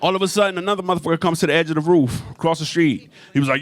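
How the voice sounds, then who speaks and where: Profane stand-up comic working a club crowd. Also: male voice, a little high, racing, dry recording. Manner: profane, animated storytelling with crowd work. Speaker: stand-up comedian. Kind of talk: stand-up comedy set. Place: comedy club stage.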